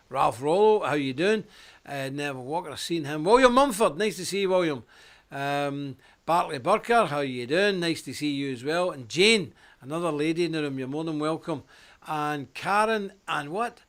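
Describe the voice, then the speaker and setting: A talkative man with a broad Ulster accent runs a live stream, joking and calling out to his viewers one by one. His voice sits a touch high for a man, and he keeps the patter casual and warm-humoured. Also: expressive, moderate pace. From Northern Ireland. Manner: chatty, jokey, greeting viewers by name. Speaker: host. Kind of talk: casual livestream chat.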